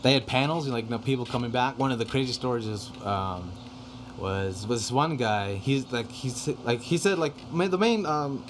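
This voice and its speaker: A man's voice: medium pitch, lively intonation, normal speed, a little hiss or hum. A young man casually chatting on a podcast, rambling with lots of fillers and casual swearing. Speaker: podcast guest telling studio stories. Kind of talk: casual chat.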